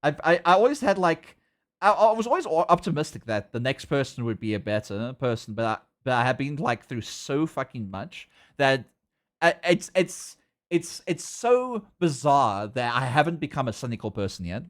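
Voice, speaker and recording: A young man with a South African accent chatting casually on a livestream, excitable and prone to stammering and repeating words when worked up. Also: medium pitch, normal speed. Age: young adult. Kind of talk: casual chat.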